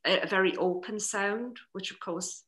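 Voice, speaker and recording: A woman with a North East English accent, a novelist chatting casually in an interview, animated and full of restarts. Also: medium pitch, a little slow. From North East England. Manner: animated, many restarts and "you know"s. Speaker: novelist guest.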